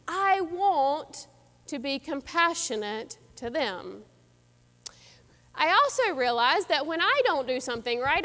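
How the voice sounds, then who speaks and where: A woman's voice: high-pitched, pushed and bright, in a large hall. A woman pastor delivering a sermon in an earnest, reflective way.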